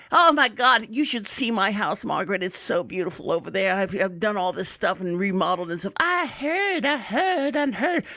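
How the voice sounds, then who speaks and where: A man doing a shrill yelling old lady. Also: dry recording, studio quality, exaggerated voice. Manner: shrill, yelling across the room. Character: loud gossipy old woman at a polling place.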